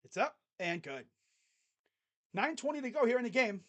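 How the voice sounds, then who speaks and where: A fan streamer calling a basketball game live, play-by-play style, mixing excited calls with sarcastic jokes and quiet mutters. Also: mid-range voice, moderate pace. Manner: joking, sarcastic asides. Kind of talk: casual live play-by-play reaction.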